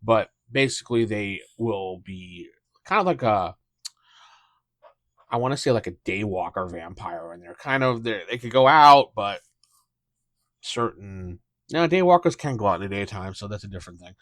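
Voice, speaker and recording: A man's voice: lowish voice, animated, normal speed, a bit bright, no echo. A middle-aged man, a dungeon master hosting his own channel, talks casually and in a rambling way, with many fillers and restarts. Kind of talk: casual talk to camera about tabletop gaming.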